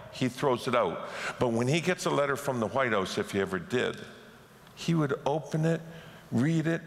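A man's voice: mid-range voice, vocal fry, fairly bright tone. A Canadian man preaching a sermon as pastor, telling stories and acting out quotes as he goes. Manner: storytelling with acted-out quotes. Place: church sanctuary. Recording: echoey church hall.

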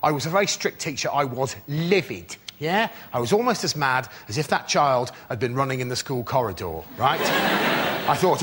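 A male comedian telling a story on stage, breaking into shouted impressions. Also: medium pitch, animated, normal speed, slight background noise. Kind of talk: stand-up routine. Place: TV studio stage. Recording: loud studio audience.

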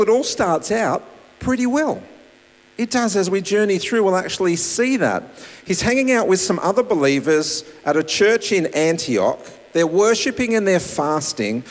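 A man preaching a sermon as pastor, animated, with loud emphasis and soft asides. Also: fairly high pitch. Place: church hall. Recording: reverberant church hall.

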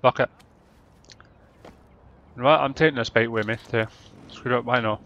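Loud, excitable, swearing gamer man. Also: mid-range voice, normal speed, highs cut off. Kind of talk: let's-play commentary.

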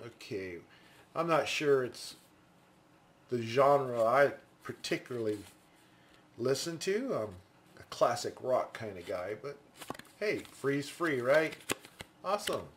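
A man's voice: medium pitch, sing-song, takes it slowly, pauses often, a little hiss or hum. A man giving casual, enthusiastic unboxing commentary on a pencil, chatting and thinking aloud as he goes. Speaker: pencil reviewer.

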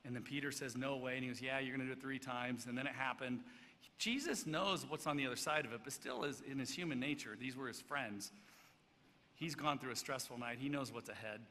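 A man preaching a sermon as pastor, swinging between loud emphatic stretches and hushed, soft passages. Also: medium pitch, a little fast. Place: church sanctuary. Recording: church hall reverb, faint background noise.

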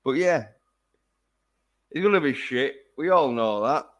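A man's voice: medium pitch, animated, unhurried, a bit bright. A man ranting profanely in a casual livestream. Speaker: vlogger.

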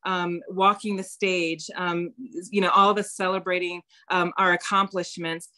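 A woman leading a casual chat on a video call, upbeat and filling her pauses with "um" and "you know". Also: on the low side, flat delivery, pushed and bright.

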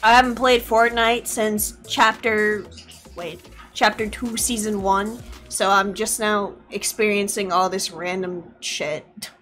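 A woman's voice: mid-range voice, fairly even intonation, faint music behind. A young woman playing a video game with a friend, chatting casually, swearing and yelping at the game. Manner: loud swearing outbursts, quick laughs. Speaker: gaming YouTuber. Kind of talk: casual gaming commentary.

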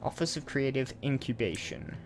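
A man's voice: medium pitch, very animated, moderate pace, gravelly. Chatty man narrating his gameplay. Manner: chatty, thinks aloud with asides. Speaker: let's play host. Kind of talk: casual game commentary.

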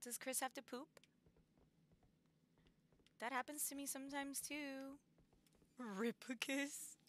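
Bubbly young woman streaming a game, bright voice. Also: sits high, slow pace. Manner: excitable, giggly, exclaims and gasps often. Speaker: gaming streamer. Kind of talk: live gameplay commentary.

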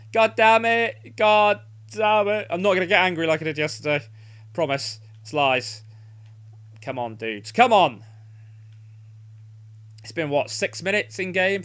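A man's voice: fairly high pitch, a bit bright. A young man playing a football video game live, urging his team on and swearing in frustration. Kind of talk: live gameplay commentary.

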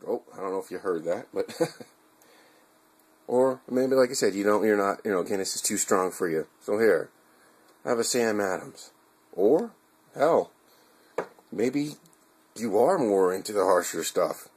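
A man's voice: fairly low pitch, animated, normal speed, slightly rough. A man talking straight to his viewers in a casual, heartfelt vlog, rambling and earnest, with casual swearing and restarts. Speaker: video blogger.

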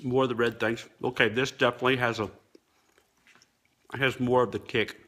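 A man casually reviewing fast food on camera, tasting and commenting between bites. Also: medium pitch, fairly even intonation, a bit bright.

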